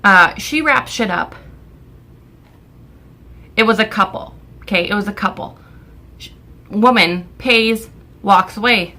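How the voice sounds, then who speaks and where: A young woman from Canada telling a storytime vlog in an exasperated, swearing rant. Her voice is bright with a gravelly fry running through it. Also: medium pitch, slow, pauses often. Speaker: vlogger.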